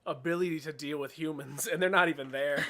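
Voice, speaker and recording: High-voiced young man, casual podcast chat. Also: fairly even intonation, a little fast, fairly bright tone. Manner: casual, swears freely, laughs often. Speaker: podcast co-host.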